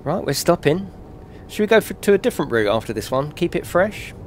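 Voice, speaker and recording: Slightly high and sing-song, this Englishman speaks fairly quickly against a little background noise. Playing a game on a live stream, he banters with his audience in British English, joking, swearing and laughing.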